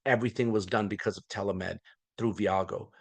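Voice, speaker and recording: A man, likely in his forties, giving an energetic, folksy sales presentation on a video call, with lots of repetition. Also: fairly low pitch, a little fast, gravelly, breathy edge, no room sound. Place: remote hotel room abroad.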